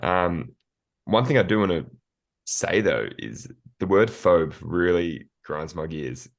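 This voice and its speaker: A man co-hosting a podcast in casual chat, measured and reflective. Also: deep voice, lively intonation, vocal fry. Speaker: podcast co-host.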